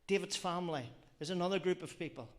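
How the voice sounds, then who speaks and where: A lay preacher with a high-pitched voice speaks fast in an earnest, reflective sermon. He often repeats phrases and poses rhetorical questions.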